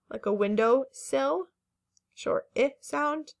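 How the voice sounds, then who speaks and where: A woman's voice: on the high side, gravelly, a little mellow. Patient woman teacher sounding out words. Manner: slow, careful word-by-word enunciation; patient and encouraging, with fillers. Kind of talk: phonics lesson narration.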